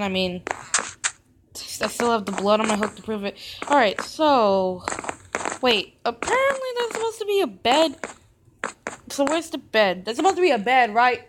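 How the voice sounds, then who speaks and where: Chatty high woman over background hiss. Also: normal speed. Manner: chatty, giggly, self-mocking rambling. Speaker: gaming channel host. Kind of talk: in-character gameplay commentary. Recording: steady background noise.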